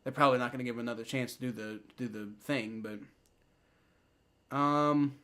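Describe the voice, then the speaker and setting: A man giving excitable live play-by-play reactions to a football game, swearing and repeating himself often. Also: mid-range voice, moderate pace.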